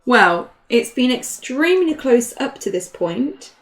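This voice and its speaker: A woman's voice: on the high side, sing-song, measured pace. A young woman doing casual, playful commentary on a card game, laughing often. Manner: giggly, playful banter.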